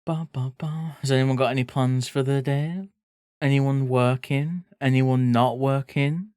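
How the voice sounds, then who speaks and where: A playful art streamer chats loosely with viewers while working, reading their messages aloud and dropping the odd swear. The voice sits at a middling pitch and is recorded close and dry, with no room sound around it. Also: fairly even intonation, a little slow, darkish tone, smooth, no echo. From England (grew up in Leeds). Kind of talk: casual chat with live viewers while drawing.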